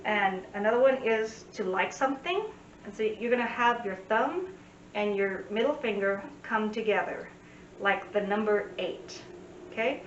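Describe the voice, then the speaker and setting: A chatty woman explains signs in a relaxed lesson and drops playful asides. She sounds distant from the mic in a roomy space, and the sound is slightly dull with a faint hiss. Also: mid-range voice, moderate pace. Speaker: sign language teacher. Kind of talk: casual spoken lesson.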